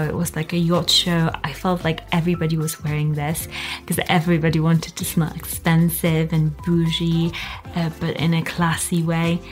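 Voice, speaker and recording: A young woman doing a casual countdown review of fragrances, talking in a gushing, enthusiastic way with lots of fillers. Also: lowish voice.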